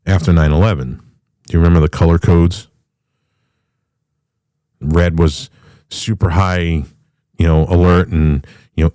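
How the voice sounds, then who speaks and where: A man's voice: rumbling low, dark tone, no room sound, studio quality. A middle-aged man hosting a podcast, rambling through a casual, profane monologue full of restarts. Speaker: podcast host.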